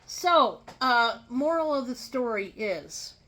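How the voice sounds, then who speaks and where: A woman's voice: fairly high pitch, very animated, sharp tone. A woman casually telling a story to her viewers, chatty, with many fillers. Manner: chatty and drawn-out, lots of fillers. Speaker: storyteller vlogger.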